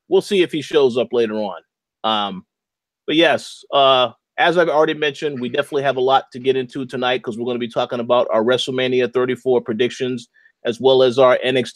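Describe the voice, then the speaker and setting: Man host, mid-pitched, upbeat intros with stumbles, dry close sound. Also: dry recording. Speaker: podcast host. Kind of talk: casual podcast chat.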